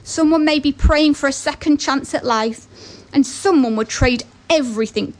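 A woman's voice: high voice, normal speed. A woman giving an earnest motivational talk and telling a story, with chatty asides.

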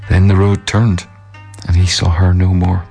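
Deep male storyteller; measured, solemn folk-tale reading over faint music. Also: level tone, vocal fry, dark tone. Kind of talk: scripted narration of a folk tale.

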